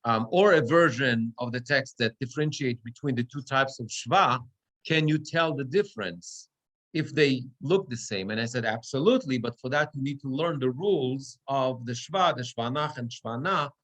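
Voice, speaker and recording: A male cantor teaching a class how to read the Torah, explaining the marks and then chanting verses in drawn-out cantillation. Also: mid-range voice, fairly bright tone. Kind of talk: class instruction with chanted examples. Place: synagogue classroom.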